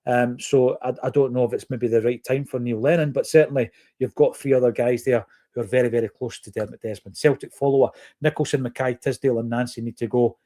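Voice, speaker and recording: A man's voice: medium pitch, steady tone, dark tone. A man from Fife with a Scottish accent, hosting a football podcast and answering listener comments in an earnest, opinionated way. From Fife, Scotland. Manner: earnest, opinionated, measured with fillers.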